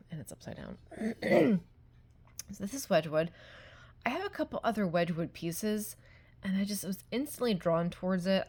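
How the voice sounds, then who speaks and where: A woman chatting casually at home in a show-and-tell vlog, rambling and often trailing into soft half-whispers, speaking close to her phone. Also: lowish voice. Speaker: vintage-haul vlogger. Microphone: phone held close.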